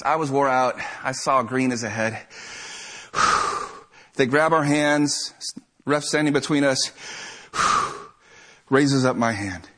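A young man telling a lively, self-mocking story to a live audience. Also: fairly high pitch.

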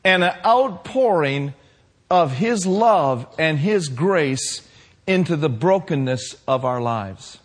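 A man preaching a sermon to his congregation, building to shouted passages and calling for responses. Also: fairly high pitch, expressive, slow. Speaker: pastor.

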